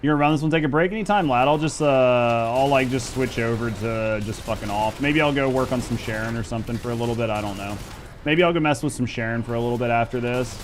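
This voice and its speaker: Talking quickly in a medium-pitched voice over slight background noise, a Midwestern-accented man from Indiana, over 30, chats casually on a live game stream. He's relaxed, rambling, and swears a lot.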